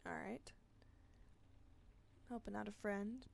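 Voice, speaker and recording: A woman streamer reading a story game's text aloud in a casual way, adding quick reactions, with game music behind. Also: medium pitch, steady tone, creaky, a little hiss or hum. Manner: casual, adds quick reactions between lines. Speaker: let's play streamer.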